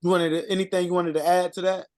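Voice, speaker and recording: A man giving an informal language lesson, reading out word lists and sounding out words with halting pauses and fillers. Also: sits high, level tone, a little mellow. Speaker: co-presenter reading out vocabulary.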